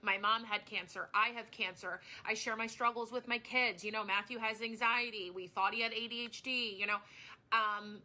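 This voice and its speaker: Woman, 30s, business owner, live-stream chat, very bright tone, slightly high pitch, earnest, rambling. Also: fairly even intonation, moderate pace.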